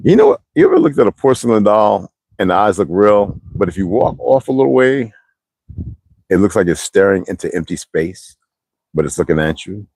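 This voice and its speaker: A man's voice: on the low side, fairly quick, gravelly, husky, no echo. A man talking on a livestream, preaching in a rambling, wandering way and reading out viewer comments. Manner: animated, preachy, digressive.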